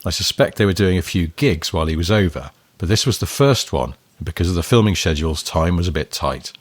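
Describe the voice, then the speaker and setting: Low-voiced man telling a story. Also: fairly quick, dry recording. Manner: chatty storyteller, laughs often. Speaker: podcast co-host. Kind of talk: casual chat, reading listener emails.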